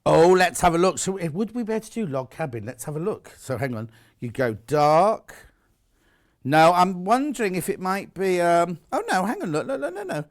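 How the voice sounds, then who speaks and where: A British man hosts a live craft shopping show from a TV studio. His voice sits a little high for a man, and he chats breezily, teasing viewers as he reads their messages aloud. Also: big pitch swings, moderate pace. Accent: British English. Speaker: shopping channel presenter.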